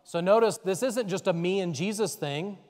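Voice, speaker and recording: A man's voice: high voice, moderate pace, a little mellow, long reverb tail. A man serving as a deacon, teaching a faith formation class in an earnest, conversational way and often checking in with his listeners.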